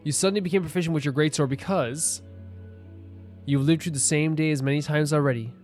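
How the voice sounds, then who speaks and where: A gaming streamer giving casual commentary over gameplay, with a voice in the middle range. The delivery is excitable and gushing, and keeps running over what is happening in the game. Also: mid-range voice, fairly quick, soft background music.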